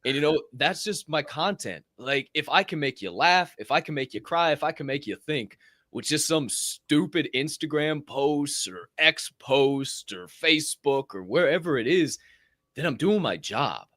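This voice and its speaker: A man hosting a live podcast, chatting in a profane, animated way. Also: on the high side, moderate pace, dry recording, clean studio sound. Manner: profane, animated, acts out quoted voices. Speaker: podcast host. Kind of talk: casual live-show chat.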